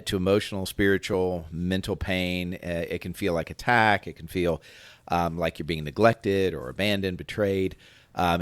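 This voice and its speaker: A man's voice: deep voice, no echo. A man co-hosting a casual faith podcast, talking things through reflectively and acting out quoted voices as he goes. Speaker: podcast co-host.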